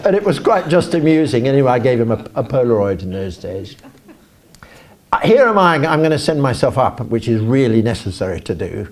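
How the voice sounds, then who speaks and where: An older English man speaking at a conference, animated and self-deprecating, rambling with restarts. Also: mid-range voice, fairly quick. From England. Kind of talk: live talk to an audience. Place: conference auditorium.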